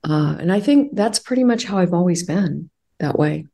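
A woman with a low voice talks through her past as a podcast guest. She speaks reflectively, pausing and restarting, with fillers and light laughter. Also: animated, vocal fry, warm tone. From California. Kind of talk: conversational interview.

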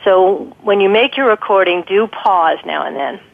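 A woman speaks over a thin, tinny telephone line, her pitch sitting in an ordinary middle register. She explains her advice patiently and thoughtfully, often pausing with ums as she works through her points. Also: creaky. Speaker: guest expert on guided imagery. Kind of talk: conversational interview advice.

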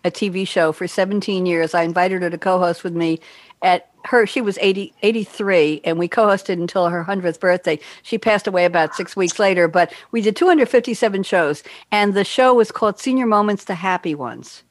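A woman's voice: lowish voice, fairly quick, no echo. An older woman hosting an interview, telling long stories in a chatty way and acting out the voices she quotes. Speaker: host. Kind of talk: casual interview chat.

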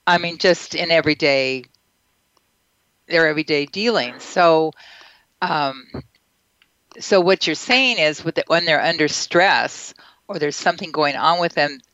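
A woman's voice: low-pitched, a little slow, pauses often, a bit bright, dry recording. A woman with a mid-range voice asks curious questions and chats easily with her guest. Her voice is dry and close to the mic, with the dull, muffled quality of a lo-fi radio broadcast. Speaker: radio host. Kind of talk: casual radio interview.

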